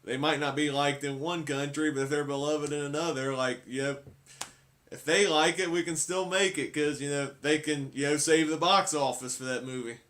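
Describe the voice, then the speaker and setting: A man's voice: a little high, steady tone, normal speed, a bit bright. A man answering as a guest in a casual interview, easygoing and full of "uh" and "you know".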